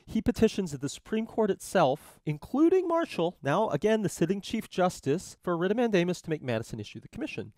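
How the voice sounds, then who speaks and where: A man tutoring on a law case in a casual, jokey way, slipping into quick character voices. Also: on the high side, darkish tone, dry recording, clean studio sound. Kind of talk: casual explanatory lesson.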